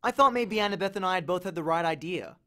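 A man reading a novel aloud, telling the story in a fairly high voice that rises and falls a lot. His delivery is expressive and animated as he moves through the action. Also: quick pace. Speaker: audiobook reader.

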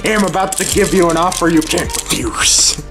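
A man's voice: sits high, moderate pace. A young man voicing a pompous, greedy billionaire pig villain in a homemade toy cartoon, with music playing behind. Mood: smug.

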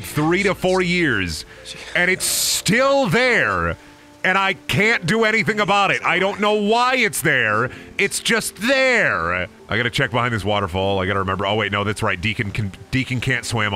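A man's voice: a little high, sharp tone. A young man with a Midwestern accent who rambles through casual gaming commentary, swearing and joking. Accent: Midwestern American. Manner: rambling, profane, jokey. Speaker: streamer.

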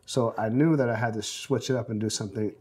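Brief: 40s male director, mid-pitched, loose storyteller who acts out quotes, lots of ums and you-knows. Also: fast, breathy edge. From South Central Los Angeles, USA. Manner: animated storyteller, acts out quotes, many fillers. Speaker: film director interviewee. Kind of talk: oral history interview, anecdotal storytelling.

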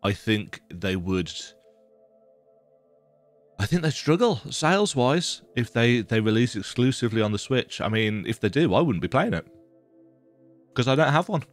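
A man's voice: mid-range voice, very animated, moderate pace, pauses often, faint music behind. A man with a stuffy nose from a cold, rambling through casual reaction commentary on a game trailer and often thinking aloud. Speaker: gaming video creator.

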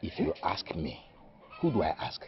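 A man's voice: sits low, wildly swooping pitch, normal speed. A man with a Nigerian accent playing a baffled, exasperated friend. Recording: dull lo-fi audio with faint noise.

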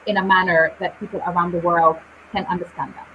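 A woman teaching English in a live online session, speaking slowly and deliberately with clear pauses between words. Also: lowish voice, little pitch movement, a little hiss or hum. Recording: dull lo-fi live stream audio.

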